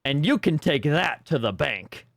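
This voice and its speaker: A man's voice: on the high side, sing-song, measured pace, creaky, no room sound, studio quality. Rambling sarcastic male streamer. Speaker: game streamer. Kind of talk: casual gaming commentary.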